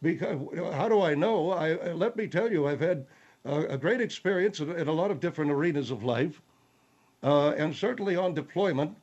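A man's voice: fairly high pitch, a little fast, darkish tone, lo-fi sound, natural voice. A man playing a pompous general who blusters and stumbles through his claims. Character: pompous self-assured male general on a radio show.

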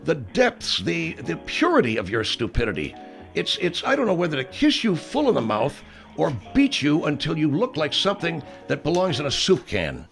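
A male talk radio host scolds his guests with sarcasm in a fairly high voice that rises and falls a lot. Faint music runs under the talk. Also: creaky.

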